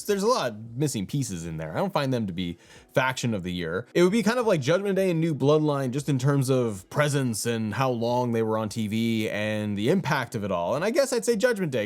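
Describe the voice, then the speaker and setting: Animated man rambling about wrestling. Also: mid-range voice. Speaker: wrestling channel host. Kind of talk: casual commentary.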